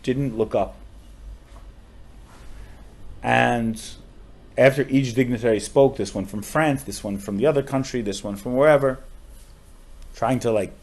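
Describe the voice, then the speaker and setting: A man, a rabbi on a podcast, tells a story with strong feeling, often saying "like" and dropping to a hushed voice at sad moments. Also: medium pitch, unhurried, pauses often. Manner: emotional storyteller with frequent "like" fillers.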